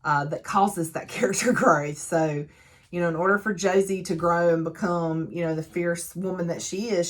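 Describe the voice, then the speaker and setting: A woman recapping and reviewing a novel in a chatty, animated way, laughing often and using lots of fillers. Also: lowish voice, moderate pace. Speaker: book reviewer. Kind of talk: casual book recap.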